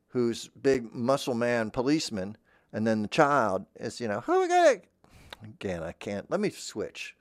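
A man's voice: lowish voice, no echo, clean studio sound. A man in a mock-earnest improvised comedy monologue, playing a voice-acting teacher who rambles and keeps interrupting himself.

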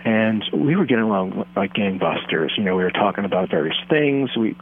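Deadpan man on a tinny phone line. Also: fairly low pitch, brisk, creaky, breathy edge. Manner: earnest, self-deluded, rambling. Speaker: caller telling a story. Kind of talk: deadpan comic storytelling.

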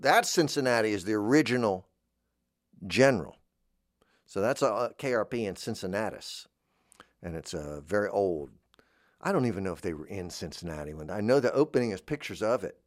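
A man's voice: lowish voice, no room sound, clean studio sound. A man doing a rambling comic monologue, drifting between topics and dropping in silly voices for the people he quotes. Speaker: comedian.

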